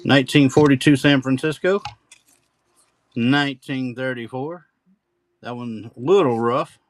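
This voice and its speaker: A man's voice: medium pitch, steady tone, unhurried, low-quality recording. A man hosting a live-stream coin auction with folksy, rambling auctioneer patter.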